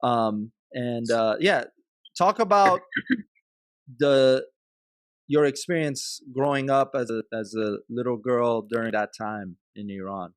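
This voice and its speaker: A man hosting a podcast, introducing his guest and asking questions in a halting way, with many pauses and fillers. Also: mid-range voice, clear, resonant tone, no echo. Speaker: podcast host. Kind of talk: interview hosting.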